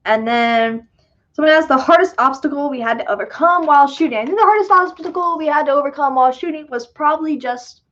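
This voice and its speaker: A young woman chatting on a livestream with a high, bright voice, answering viewer questions in a loose, self-deprecating way. The sound is dull and lo-fi. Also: quick pace. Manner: chatty, self-deprecating, giggly, many fillers. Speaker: livestream host and filmmaker. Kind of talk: casual livestream Q&A chat.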